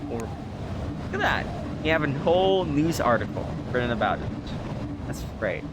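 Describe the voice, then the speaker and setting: A man's voice: a little high, very animated, normal speed, heavy background noise. A man playing a narrative game, reading its text aloud with stumbles and self-corrections between casual comments. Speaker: gamer.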